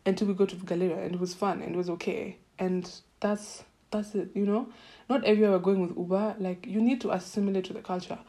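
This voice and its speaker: A young woman from Kenya with a Kenyan accent, telling personal stories in a casual, animated way and acting out her own reactions. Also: mid-range voice, quick pace. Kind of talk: casual storytelling.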